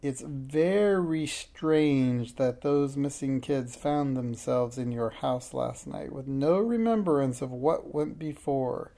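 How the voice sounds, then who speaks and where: A man's voice: mid-range voice, slow pace, vocal fry, hardly any pauses, dark tone. A man reading aloud, voicing a self-important, nosy and cowardly townsman who blusters and mumbles. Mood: pompous. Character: pompous, nosy, cowardly middle-aged townsman.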